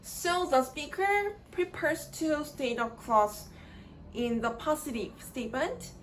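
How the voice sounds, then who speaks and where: Slow, deliberate high-voiced woman lecturing. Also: expressive, slight background noise, low-quality recording. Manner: halting, repeats words while searching for phrasing. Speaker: grammar lecturer.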